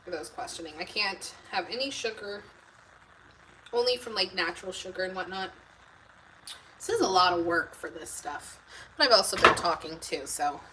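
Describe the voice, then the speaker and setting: A woman's voice: fairly low pitch, lively intonation, normal speed, pauses often, recorded from a distance. A woman hosting a live cooking stream from her home kitchen, rambling casually to viewers and reading their comments aloud. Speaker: homemaking channel host. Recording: loud background noise in a home kitchen.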